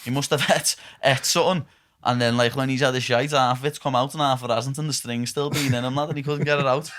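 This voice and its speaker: A man's voice: medium pitch, fast, no room sound, studio quality. A young man with a Liverpool accent hosting a podcast, telling stories in casual chat, swearing and saying "lad" constantly. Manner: swearing, says "lad" constantly, animated storytelling. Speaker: podcast host.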